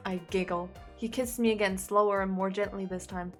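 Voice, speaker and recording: A young woman reading fanfiction aloud as a content creator, breaking in with animated, sarcastic jokes and giggles. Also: mid-range voice, fairly quick, faint music behind.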